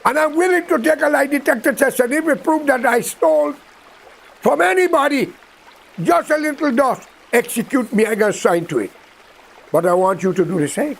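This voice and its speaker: Facing the camera, a Guyanese commentator with an extremely high pitch and vocal fry rants about politics at a moderate pace. He is combative and scolding, addressing a leader head-on in creole grammar.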